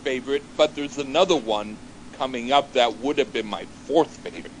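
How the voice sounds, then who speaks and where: A man in casual chat about an album, animated and joking, mimicking misheard lyrics. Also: mid-range voice, moderate pace, slight background noise, low-quality recording.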